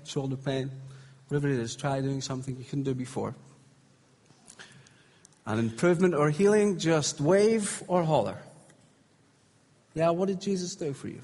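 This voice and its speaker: A man leading a live healing service from the stage, encouraging the congregation and joking gently with them. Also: fairly high pitch. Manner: encouraging, gently humorous, calls out to the crowd. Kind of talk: live sermon ministry. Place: large hall with congregation. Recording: echoey hall with faint crowd.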